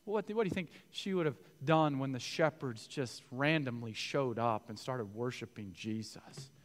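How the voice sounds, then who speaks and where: A man preaching a sermon as pastor, animated, acting out quoted voices with big swings from quiet to loud. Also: medium pitch. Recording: reverberant hall.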